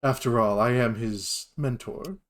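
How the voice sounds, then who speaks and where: A man's voice: mid-range voice, measured pace, close to an everyday voice. A man voicing a kindly old male dragonborn mentor with a genteel, welcoming manner. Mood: warm welcoming.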